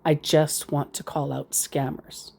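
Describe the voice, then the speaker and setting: Low-pitched and warm yet gravelly and slightly rough, this woman's voice stays fairly level and a little slow. As a scambaiter reading scam chats aloud, she comments with casual sarcasm and drifts into rambling asides.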